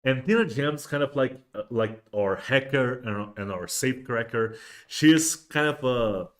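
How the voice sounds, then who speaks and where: A man's voice: medium pitch, measured pace. A man hosting a casual livestream, rambling with many restarts and fillers. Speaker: host of a miniatures livestream.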